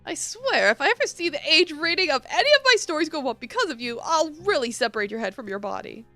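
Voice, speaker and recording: Lively, playful woman streamer. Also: sits high, quick pace, few pauses, dry recording, soft background music. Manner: playful, laughs often, comments on dialogue. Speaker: game streamer. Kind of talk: live game playthrough chat.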